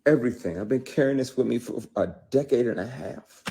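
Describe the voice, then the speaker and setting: A man's voice: mid-range voice, a little fast, creaky, dark tone, breathy edge. A man, an actor, giving emphatic and blunt testimony in an interview, swearing freely as he talks.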